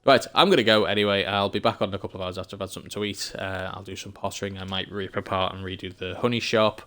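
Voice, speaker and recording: A man's voice: sits low, flat delivery, racing, pushed and bright. An English man from England chatting casually while streaming a game, rambling and thinking aloud with frequent chuckles.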